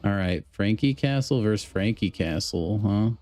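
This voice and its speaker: A man's voice: lowish voice, lively intonation, moderate pace, darkish tone, soft background music. A man livestreaming a mobile game, chatting casually and upbeat to his viewers. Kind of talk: casual gameplay commentary.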